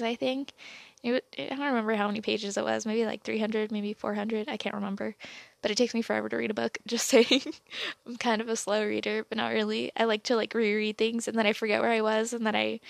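A woman's voice: fairly high pitch, gravelly, dry recording. A young woman hosting a casual solo podcast, rambling and chatty with lots of fillers and restarts. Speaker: podcast host.

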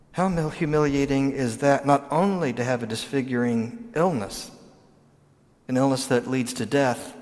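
A man preaching a sermon, talking it through in a plain, conversational way with asides and restarts. His voice sits at an ordinary middle pitch and carries a long reverb from the church hall around him. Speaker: pastor. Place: church sanctuary.

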